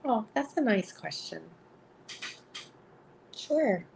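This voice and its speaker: A woman with a husky voice reading cards on a live stream, chatting casually with viewers and giggling often between rambling sentences. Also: a little high, big pitch swings, very slow, a little mellow, a little hiss or hum. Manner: chatty and rambling, full of filler words. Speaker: live-stream card reader.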